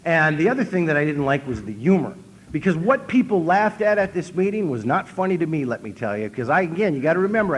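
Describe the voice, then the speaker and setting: A man with an Upper Midwest American accent giving a humorous recovery talk from a convention stage, telling stories in a deadpan, self-mocking way and acting out what people said. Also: on the high side, husky. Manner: storytelling, deadpan self-mocking, acts out quotes. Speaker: speaker at an AA convention.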